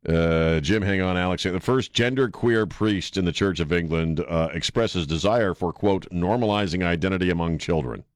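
Sarcastic low-voiced male radio host. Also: moderate pace, few pauses, no echo, clean studio sound. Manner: sarcastic, mocking, joking asides. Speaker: radio talk show host. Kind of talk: casual talk radio monologue.

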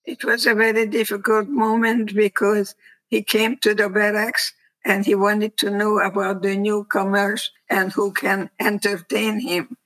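A woman's voice: medium pitch, level tone, a bit bright, rough recording. An older woman from Hungary giving a reflective, plainspoken personal testimony as an interview guest. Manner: slow, reflective, plainspoken storytelling.

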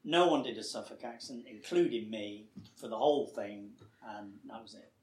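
A man tells a showbiz anecdote in a chatty, animated way. He slips into quoted voices and laughs along with the story. The room around him is echoey. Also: lowish voice, moderate pace. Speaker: actor guest. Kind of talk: anecdotal interview chat.

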